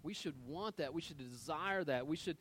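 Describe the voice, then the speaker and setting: A man preaching a sermon, retelling a Bible story with lively quoted dialogue and loose, conversational fillers. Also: a little high, moderate pace, husky. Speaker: pastor.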